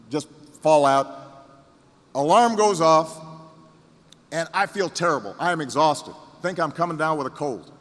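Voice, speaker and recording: A political candidate gives a campaign rally speech, telling a story with repeated phrases and pauses that builds to rousing shouts. His voice is on the high side, and the hall is reverberant.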